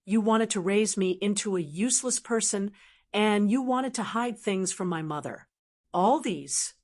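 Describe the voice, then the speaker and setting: Woman doing a cool, mocking young heroine, soft-spoken, audiobook. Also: mid-range voice, unhurried, close to an everyday voice. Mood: triumphant. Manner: soft, faintly smiling, composed. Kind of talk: audiobook character reading.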